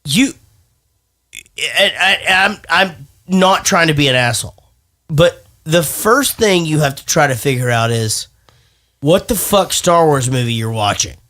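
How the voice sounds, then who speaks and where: A man's voice: on the high side, expressive, measured pace, pushed and bright. A man hosting a movie podcast, talking casually, rambling and swearing freely. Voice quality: profane, rambling. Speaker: podcast host. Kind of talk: casual movie review chat.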